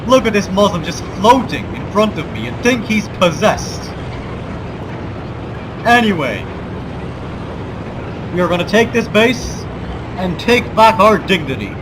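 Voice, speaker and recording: A Balkan man puts on a forced American accent to narrate his let's play, speaking in a high voice with big pitch swings, a measured pace, and frequent pauses. He mixes mock-grandiose war speeches with wry asides. Loud game ambience and vehicle noise run beneath his voice.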